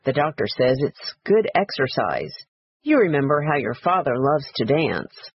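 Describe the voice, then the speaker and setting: A man voicing a caring mother who gives calm, matter-of-fact reassurance, in a dry, slightly dull recording. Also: mid-range voice, measured pace, husky, no echo, exaggerated voice. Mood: reassuring.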